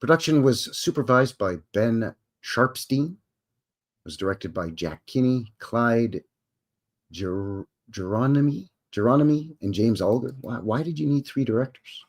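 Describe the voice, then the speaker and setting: A man's voice: mid-range voice, expressive, a little slow, darkish tone. A man hosting a casual live stream, chatting, reading aloud and adding asides.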